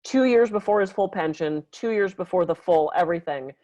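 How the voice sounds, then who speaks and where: A woman massage therapist co-hosting a podcast, telling client stories in a casual, animated way and acting out the quotes. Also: brisk, no room sound, highs cut off. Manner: animated, acts out quotes with big pitch jumps, laughs often. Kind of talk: casual storytelling.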